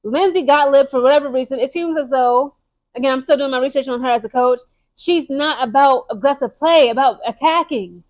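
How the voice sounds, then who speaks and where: A young adult woman giving casual, opinionated basketball commentary, emphatic and chatty, often checking in with "okay?" and "guys". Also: high-pitched. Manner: emphatic, keeps tagging lines with "okay?" and "guys"; fast and chatty, restarts and repeats words. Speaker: sports commentary vlogger.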